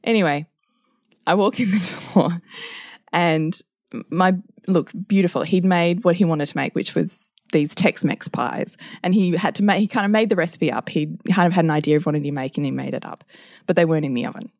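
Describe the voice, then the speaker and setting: Middle-aged aussie woman telling a story, lowish voice, dry close sound. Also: fairly quick, no echo. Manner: animated storyteller, acts out quotes, laughs often. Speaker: podcast co-host. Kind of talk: casual storytelling chat.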